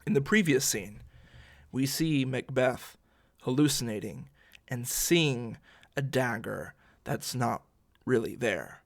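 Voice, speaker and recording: A man giving a casual literature lesson, speaking at an ordinary middle pitch. He walks through a play in plain, chatty terms and drops in informal asides while he explains. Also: slow pace. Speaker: literature teacher.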